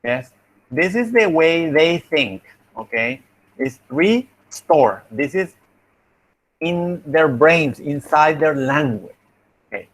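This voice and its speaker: Slow, patient teacher with a Spanish accent. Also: male voice, on the high side, animated, fairly bright tone, rough recording. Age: young adult. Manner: slow, patient explaining with repeated examples. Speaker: phonetics teacher. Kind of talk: online class feedback.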